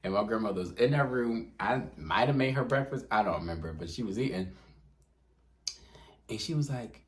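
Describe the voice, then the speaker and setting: On his podcast, a man with a lowish voice talks at a normal pace, spinning stories animatedly in a relaxed conversation punctuated by plenty of laughs.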